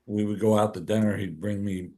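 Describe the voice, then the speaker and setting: Guy, low voice, telling a work story on a podcast and doing all the voices. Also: brisk. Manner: animated, acts out quoted dialogue. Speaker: podcast guest. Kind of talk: casual storytelling.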